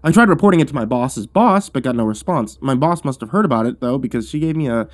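A man reading a first-person horror story aloud in a measured, hushed storytelling manner that drops low at tense moments. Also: expressive, dry recording.

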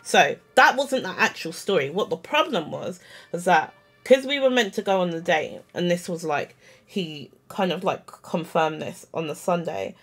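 A woman, telling an animated, self-mocking story in a casual vlog, full of "like" and quoted dialogue. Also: fairly low pitch, moderate pace, breathy edge, faint music behind. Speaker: vlogger.

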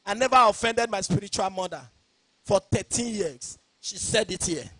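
A man preaching a sermon, shouting his points and slipping into a sing-song cadence. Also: high-pitched, moderate pace, breathy edge, dry recording. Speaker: pastor.

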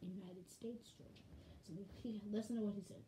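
A woman vlogging in casual chat to camera at home, bubbly and rambling, and quick to shout with excitement. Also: mid-range voice. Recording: echoey room, faint hum.

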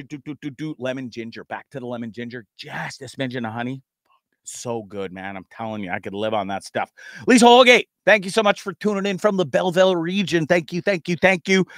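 A man from Canada hosting a live talk show in a rambling, chatty way, cursing now and then. His voice sits a little high for a man. The sound is dry and close, with no room around it. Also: fairly bright tone, no room sound. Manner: rambling, chatty, swears freely. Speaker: podcast host. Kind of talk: casual live show monologue.

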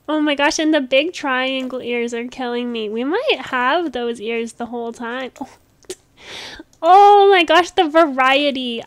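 A woman with a high, bright voice chats through a casual gameplay video. She gushes and talks quickly, with easy laughter. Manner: bubbly, gushing, quick with laughs. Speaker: gaming channel host.

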